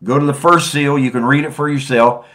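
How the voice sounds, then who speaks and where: A man preaching a sermon, swinging between soft and loud and stretching out phrases for emphasis. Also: medium pitch, fairly even intonation, brisk.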